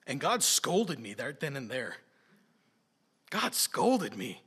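A man preaching a sermon, telling personal stories in a folksy, animated way with sudden loud bursts. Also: fairly high pitch, slow pace, pauses often, breathy edge.

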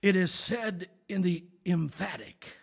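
A male pastor preaching a sermon, with a gravelly voice and a rising preaching cadence that builds into shouted climaxes. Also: high voice, slow.

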